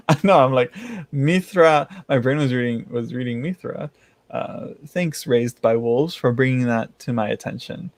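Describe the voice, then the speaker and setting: A man chats casually on a livestream, rambling between thoughts and laughing often. His voice is mid-pitched with a gravelly, fry-laden edge. The sound is dry and close to the mic. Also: measured pace, dry recording. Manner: rambling, laughs often, many restarts and fillers. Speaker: tarot channel host reading live chat.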